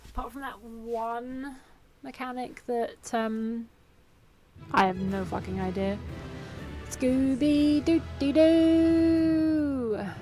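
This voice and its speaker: Woman gamer rambling over her playthrough, fairly high voice, swears a lot, jokes at herself. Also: flat delivery, takes it slowly, soft background music. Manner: chatty, self-mocking, swears casually. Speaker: gaming video creator. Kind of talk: live gameplay commentary.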